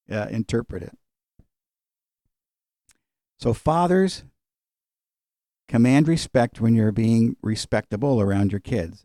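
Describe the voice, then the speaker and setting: In a dark-toned, mid-range voice, a middle-aged man leads a relaxed Bible study and tells stories from his life. He rambles a bit, chuckles, and leans on fillers as he talks. The audio is studio quality and echo-free.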